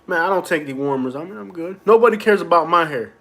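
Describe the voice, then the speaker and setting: A man with a notably high voice talks loosely to his viewers on a phone live stream at home. He rambles, jokes and complains in a playful, mock-aggrieved way. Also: lively intonation, fast, a bit bright. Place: at home indoors.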